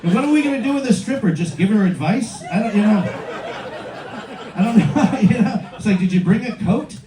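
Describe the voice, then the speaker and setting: Stand-up man from Michigan, high voice, profane self-mocking set, roomy club sound from afar with crowd laughter. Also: lively intonation, a little fast, recorded from a distance. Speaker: stand-up comedian. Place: comedy club stage. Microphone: handheld stage mic.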